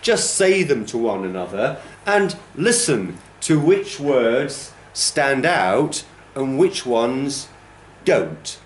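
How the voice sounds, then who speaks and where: With a mid-range, sing-song voice and a slow pace, this man leads a TESOL training class. He explains things patiently, overstressing words and stretching them out to show where the stress falls. Slight background noise and roomy classroom echo are audible.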